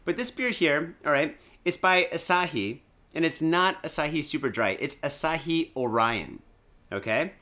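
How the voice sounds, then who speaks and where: Here a podcast host from Michigan rambles through a loose, jokey chat, profane and full of fillers, while day drinking. His pitch is fairly high and his intonation lively, delivered at normal speed in a bright, forceful tone.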